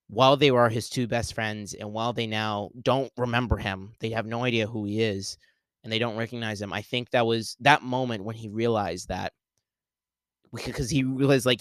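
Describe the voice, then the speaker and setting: A young man hosts a podcast on his own and rambles through his thoughts in casual talk full of fillers and restarts. His voice is smooth and clear at a middle pitch, recorded dry and close with no room sound. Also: fairly bright tone, no echo. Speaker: podcast host. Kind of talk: casual solo spoiler talk.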